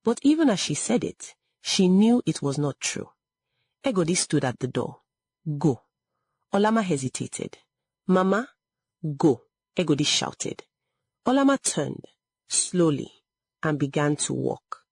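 A woman narrating a sad story in a measured, dramatic way with lingering pauses. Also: low-pitched, sing-song, a little mellow, slightly rough, dry recording, studio quality.

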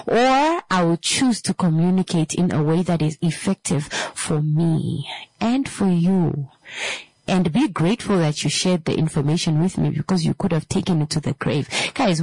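A woman's voice: fairly low pitch, darkish tone, no echo, rough recording. Emphatic woman talking to viewers. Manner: emphatic, repeats phrases, rhetorical questions. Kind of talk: casual monologue to viewers.

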